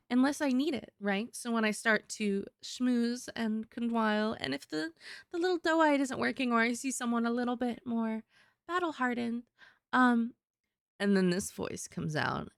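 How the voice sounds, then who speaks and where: A woman streamer chatting casually with her live audience, her voice pitched a little high. She laughs often and swears now and then in a loose, chatty way. The recording is dry and close, with no room sound. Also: vocal fry, dry recording.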